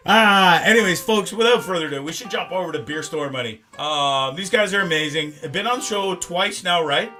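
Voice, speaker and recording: A man hosting a live talk show, rambling and animated, swearing freely. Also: high voice, moderate pace, soft background music. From Canada. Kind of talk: casual live show chat.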